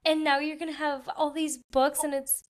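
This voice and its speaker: A woman book club host with a high voice gushes excitedly in a casual chat. She laughs often and heaps praise on her guest. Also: normal speed. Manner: gushing, enthusiastic, laughs often.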